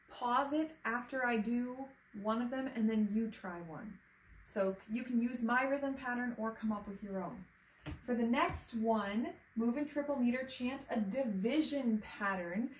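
Woman, piano teacher, slightly high voice, patient instructive, echoey room. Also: a little slow. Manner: patient, instructive, sings solfege and rhythm chants. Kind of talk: online music lesson. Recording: echoey room with faint ambient noise.

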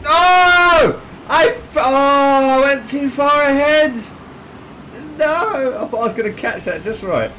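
A man commentating his own gameplay excitedly, yelping, swearing and shouting at each play. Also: extremely high pitch, takes it slowly, a little hiss or hum, low-quality recording. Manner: excitable, yelps and shouts at plays, swears, laughs often.

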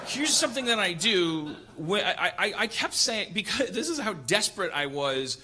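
Male podcast host, sharp bright tone, slightly high voice, profane comedic rants. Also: normal speed, slightly rough. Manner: animated, profane ranting. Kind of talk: casual comedic storytelling.

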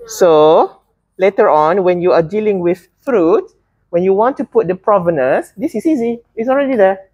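A husky-voiced woman runs a botany class in a casual, chatty way, teasing the students now and then and tripping over her own words. The sound is dry and close, with little room echo. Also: mid-range voice, lively intonation, moderate pace, highs cut off. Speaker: botany lecturer. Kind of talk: classroom lecture.

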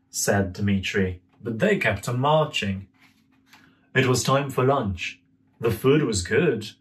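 Young guy reading a kids story, slow and gentle, mic a bit far off. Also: mid-range voice, expressive. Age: young adult.

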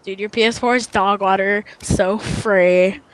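A woman's voice: medium pitch, fairly even intonation, unhurried, background noise. A woman trash-talking and teasing during a casual shooter match. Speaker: gamer. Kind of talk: casual gameplay banter. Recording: loud gunfire from the game.

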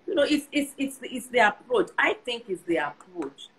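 A woman's voice: a little high, normal speed, few pauses, fairly bright tone, low-quality recording. A Nigerian woman in her sixties giving earnest advice in casual conversation, often repeating herself for emphasis. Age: 60s. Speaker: guest.

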